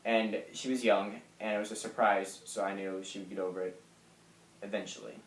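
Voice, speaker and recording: A young man in his late teens speaks in a fairly low, soft voice, picking his way through a personal story with many pauses and fillers. The sound is roomy, with the echo of a bare room at home. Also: fairly even intonation, a little hiss or hum. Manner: soft, halting, lots of fillers. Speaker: vlogger. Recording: echoey room.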